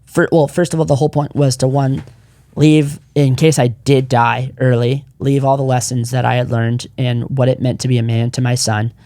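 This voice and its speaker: A man's voice: medium pitch, flat delivery, normal speed, mellow, no room sound. A man in his thirties, a podcast co-founder, telling his personal story in casual chat, earnest and rambling with frequent restarts.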